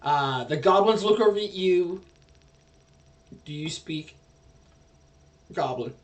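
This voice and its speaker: A man's voice: a little high, lively intonation, takes it slowly, far from the mic. A man narrating a tabletop game as dungeon master, rambling and hesitant.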